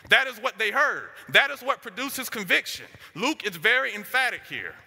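A man's voice: very high voice, sing-song, normal speed, vocal fry, pushed and bright, slightly rough. A man preaching a sermon, driving his points home with short, repeated declarations. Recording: long hall reverb.

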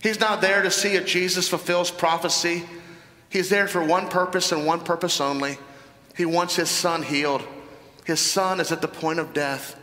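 Southern pastor guy preaching, high bright voice, lots of questions thrown at the crowd. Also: steady tone, moderate pace. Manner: emphatic, asks the congregation rhetorical questions. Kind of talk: sermon. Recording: echoey hall reverb.

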